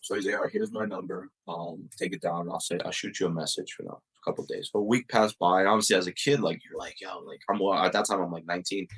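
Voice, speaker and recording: A man's voice: low voice, fairly even intonation, fast, hardly any pauses, a bit bright, breathy edge, rough recording. A young man from Uruguay and the US, telling stories in a casual podcast interview, packing his speech with "like" and "you know". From Uruguay and the United States. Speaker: podcast guest, soccer player.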